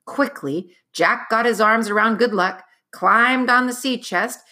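A woman narrating a chapter book aloud in an expressive, dramatic storytelling manner. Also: medium pitch.

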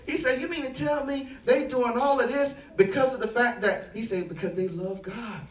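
A man preaching a sermon as pastor, telling a story and building to loud, emphatic delivery. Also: very high-pitched, a little fast, few pauses, reverberant, recorded from a distance.

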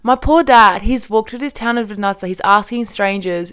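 A woman's voice: medium pitch, moderate pace, clear, resonant tone. A young woman hosting a casual podcast chat, telling a story with lots of swearing and acted-out quotes. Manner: lively, swears often, acts out quoted speech. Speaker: podcast host.

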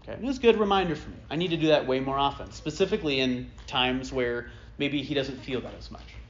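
A man's voice: medium pitch, fast, a little hiss or hum. A man in his thirties preaching a sermon, telling a family story in a casual, self-deprecating way, often checking in with "right?". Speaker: pastor. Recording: dull lo-fi sermon recording.

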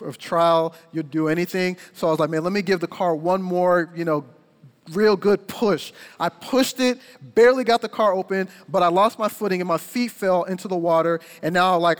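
A young man preaching a sermon, telling a personal story with energetic, emphatic delivery. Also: high voice, clean tone. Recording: long hall reverb.

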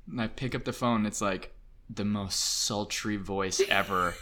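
A man as a podcast guest, telling an excitable, self-mocking story and acting out voices in a casual chat. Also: mid-range voice, moderate pace, a little hiss or hum.

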